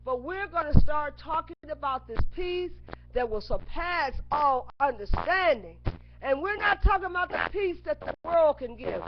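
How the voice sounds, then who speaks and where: A woman preaching an impassioned monologue on a webcam. She repeats single words over and over and breaks into sudden shouts. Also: sits high, lively intonation, moderate pace. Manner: repetitive, chanting words over and over; bursts into shouts. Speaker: webcam speaker. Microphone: webcam mic. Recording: dull lo-fi webcam audio with clear noise.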